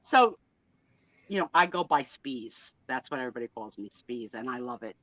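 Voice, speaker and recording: A woman hosting a casual live chat, animated and laughing, given to dramatic outbursts. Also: extremely low pitch, moderate pace, dry recording, lo-fi sound. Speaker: host.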